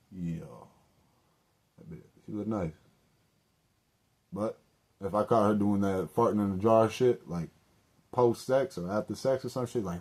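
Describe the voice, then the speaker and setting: A man's voice: fairly low pitch, darkish tone. A young man hosting a solo podcast, telling loose, profane stories with joking asides and self-corrections. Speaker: podcast host. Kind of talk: casual solo storytelling.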